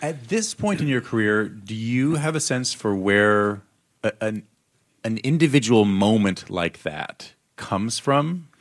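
A man with a fairly low voice, hosting a live interview on stage. He asks his guest measured, probing questions. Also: expressive.

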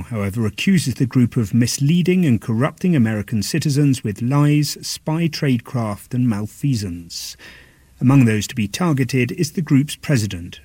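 Husky-voiced male news correspondent. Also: mid-range voice, darkish tone, no room sound. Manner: measured, formal reporting. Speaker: foreign correspondent. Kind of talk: scripted news report.

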